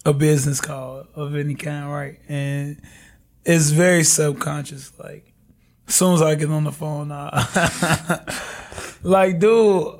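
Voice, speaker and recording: Young guy on a podcast, raspy gravelly voice, laughs a lot telling stories. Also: a little high, slow pace. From Chicago. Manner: laid-back, laughing, animated storytelling. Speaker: podcast guest. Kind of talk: casual conversation.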